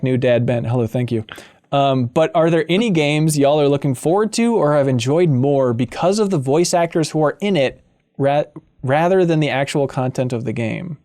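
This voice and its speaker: A man hosting a casual podcast chat, playful and animated, with jokey asides. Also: a little high. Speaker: podcast host.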